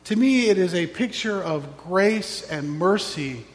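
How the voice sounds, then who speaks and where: Slow-preaching pastor in echoing church. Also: male voice, high-pitched, animated. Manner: slow, reflective, wry asides. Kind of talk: sermon.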